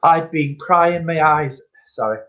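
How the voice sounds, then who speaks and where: A man's voice: on the high side, takes it slowly, sharp tone. An older man, a spiritualist medium, chatting as a guest and acting out the voices in his stories. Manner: acts out dialogue, laughs often, calls people "my friend". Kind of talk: chatty anecdotal storytelling. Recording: dull lo-fi call audio.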